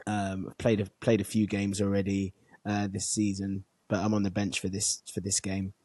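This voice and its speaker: A man's voice: fairly low pitch, completely flat delivery, moderate pace, darkish tone, husky, no echo. A man co-hosting a football podcast, telling a story in a laid-back, sweary way. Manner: laid-back, sweary, with short backchannel replies. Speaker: podcast co-host. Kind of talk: casual storytelling chat.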